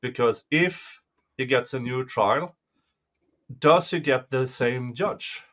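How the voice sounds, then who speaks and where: A man with a Swedish accent co-hosts a casual livestream discussion of a trial. He speaks slowly and haltingly, with frequent fillers. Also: mid-range voice, a bit bright. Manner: slow, halting, with many fillers. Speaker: livestream co-host. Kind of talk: casual commentary chat.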